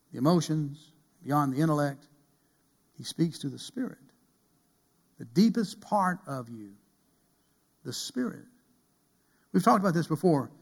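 A man preaching from a church pulpit, his voice sitting a little high. He swings between loud emphatic peaks and soft, hushed passages as he builds his sermon. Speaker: pastor.

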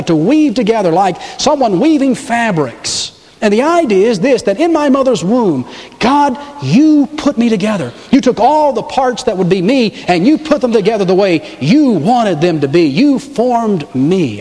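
A man preaching a sermon, animated, with dramatic pauses and big swings in his voice. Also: high-pitched, in a large hall. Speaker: pastor.

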